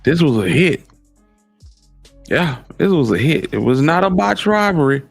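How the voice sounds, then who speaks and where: A man's voice: on the high side, very animated, a little slow, creaky, breathy edge, no room sound, faint music behind. A man in casual commentary, reacting to clips with slangy, incredulous asides.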